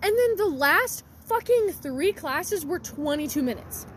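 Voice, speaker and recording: A teenage girl with a high voice rants and swears her way through a casual podcast chat. Faint traffic noise hums behind her, recorded in a car in a parking lot. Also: expressive, measured pace. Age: teens. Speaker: podcast co-host.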